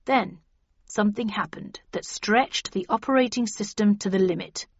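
A woman's voice: medium pitch, moderate pace, husky, lo-fi sound. A woman reading the part of a male official explaining a crisis at length, in an earnest, lecturing way, in an audiobook.

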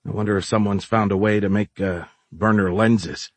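A male narrator reads as a weary, resigned man who works with tech, musing aloud in a tired way. His low, husky voice holds a steady tone at normal speed, recorded close and dry with no echo.

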